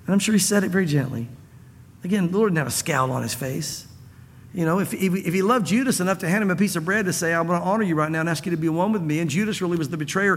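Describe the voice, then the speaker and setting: A man preaching a sermon to a congregation, conversational, repeating phrases and acting out dialogue. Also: high voice. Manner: conversational, repeats himself, acts out quoted dialogue. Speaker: pastor. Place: church hall with audience. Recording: reverberant church hall.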